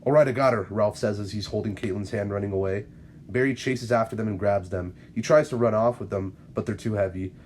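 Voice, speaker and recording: A man's voice: lowish voice, fairly even intonation, a little fast, darkish tone, a little hiss or hum. A man hosting his channel, reading out a fan-written episode script in a plain, matter-of-fact way. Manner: plain, matter-of-fact narration with small slips. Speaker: channel host and narrator.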